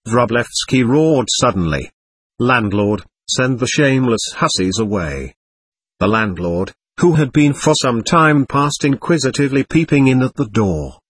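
A man narrating a classic novel as an audiobook, with expressive storytelling. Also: mid-range voice, slightly rough, dry recording.

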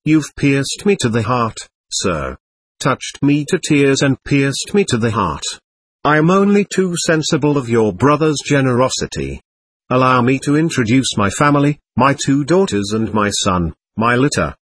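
A man playing a ragged older captain in a storybook, defiant and half mad with grief, his voice husky and swinging up and down as he mocks and pleads. He talks in bitter, theatrical bursts, grovelling one moment and defiant the next. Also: medium pitch, big pitch swings, moderate pace. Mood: mocking self-pity. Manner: bitter, theatrical, self-abasing. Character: poor, defiant, buffoonish older male captain.

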